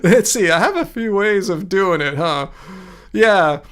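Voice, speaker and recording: A man's voice: high voice, expressive, measured pace, fairly bright tone, clear, resonant tone. A man hosting a livestream in casual chat, joking, laughing at himself and reacting to comments from chat. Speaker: livestream host.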